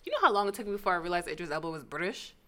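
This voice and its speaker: An American woman co-hosting a casual chat, animated and swearing freely. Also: lowish voice, racing, crowd noise. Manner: animated, swears freely, jumps into quoted voices. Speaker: podcast co-host.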